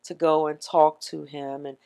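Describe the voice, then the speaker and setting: A woman's voice: sits low, a little slow, vocal fry. A middle-aged woman with a Washington DC accent, co-hosting a podcast in casual chat, telling stories animatedly and acting out what others said. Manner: animated storyteller, acts out quotes. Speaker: podcast co-host.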